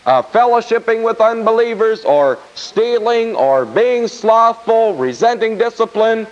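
A man's voice: very high voice, expressive, unhurried. A man preaching a sermon in a folksy, emphatic way, repeating scripture phrases for effect. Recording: dull lo-fi recording.

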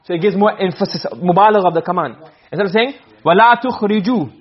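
A male teacher gives a lesson at a brisk pace, often stopping to ask the class whether they follow. His voice sits high and sounds husky. The recording is dull and lo-fi. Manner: explains with repeated questions to students.

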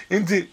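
A man, calling in to a radio show and rambling excitedly, mixing pidgin with a local language and repeating words. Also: slight background noise.

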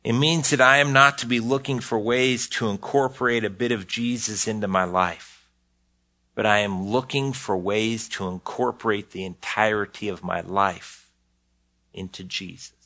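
A man's voice: lowish voice, steady tone, moderate pace, pushed and bright. An older man preaching a sermon as pastor, earnest, often repeating a word as he starts a phrase.

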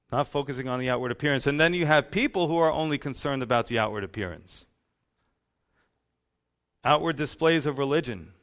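A man preaching a sermon, retelling scripture in a folksy, storytelling way that swings between loud and soft. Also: medium pitch. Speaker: pastor.

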